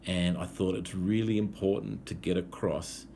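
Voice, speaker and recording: Deep-voiced Australian man telling a story. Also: steady tone, normal speed, dark tone, slight background noise. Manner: easygoing, frequent "um" fillers. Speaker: English teacher. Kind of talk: casual storytelling for language learners.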